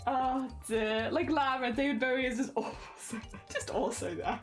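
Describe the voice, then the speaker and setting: A woman's voice: high voice, measured pace, faint music behind. A woman livestreamer chatting casually with viewers while crafting, giggly and rambling, laughing often.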